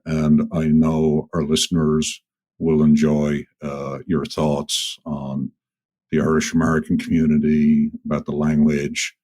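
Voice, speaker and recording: Podcast host guy, very low voice, calm and polite. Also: a little slow. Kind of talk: interview hosting.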